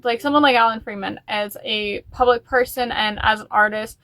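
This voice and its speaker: A woman's voice: fairly high pitch, fairly even intonation, normal speed, sharp tone, no room sound. A woman chatting in a casual music vlog, rambling and openly emotional. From United States. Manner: chatty and rambling, with fillers and restarts. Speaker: music vlogger.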